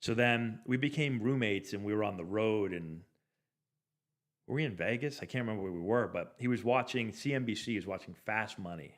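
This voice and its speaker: Rambling middle-aged man, lower voice. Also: a little fast. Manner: rambling, loose, full of "like" and restarts. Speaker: former pro ballplayer hosting a live stream. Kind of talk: casual anecdotal storytelling.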